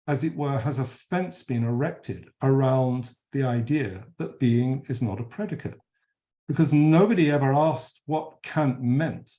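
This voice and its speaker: A middle-aged man giving an academic philosophy lecture, measured and emphatic, with frequent fillers and self-corrections. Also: mid-range voice, dark tone.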